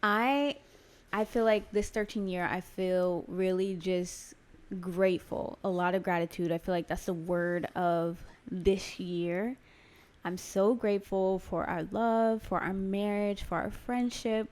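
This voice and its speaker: A woman in her thirties co-hosting a podcast, talking in a warm, heartfelt, chatty way. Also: mid-range voice, fairly even intonation, a little slow. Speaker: podcast co-host. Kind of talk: casual chat.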